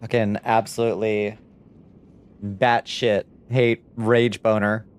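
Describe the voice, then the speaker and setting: A man's voice: lowish voice, flat delivery, takes it slowly, smooth. A man chatting casually on a live stream, swearing freely and cooing at his cat between remarks.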